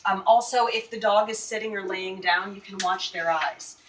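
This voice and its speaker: Woman volunteer trainer, soft and calm, explaining while she works, mic set back from her, faint noise and dogs behind. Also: mid-range voice, normal speed, far from the mic, low-quality recording. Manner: calm, gentle explaining with frequent restarts. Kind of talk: hands-on teaching demo. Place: inside a dog kennel at an animal shelter.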